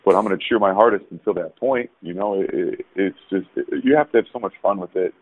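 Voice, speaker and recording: A man, a former pro basketball player, telling rambling, animated stories as a podcast guest over a call. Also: sits low, fast, dry recording. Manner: rambling, animated, with frequent restarts. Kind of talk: casual storytelling. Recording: tinny phone-like dry sound.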